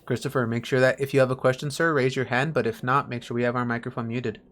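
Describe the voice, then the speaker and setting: A man's voice: medium pitch, level tone, fast talker, fairly bright tone. A man teaching an online class on a video call, patiently explaining grammar with everyday examples.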